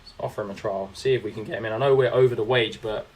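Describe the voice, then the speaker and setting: A man's voice: on the low side, fairly even intonation, very fast, darkish tone, a little hiss or hum. A young man, chatting casually while commentating his own game on a live stream and answering viewers. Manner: chatty, reacting to the game and reading chat aloud.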